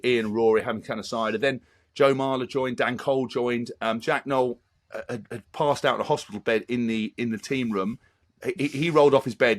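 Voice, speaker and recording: Fast-talking ex-rugby man. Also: medium pitch. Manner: animated, rapid storyteller. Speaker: former rugby player guest. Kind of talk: anecdotal interview storytelling.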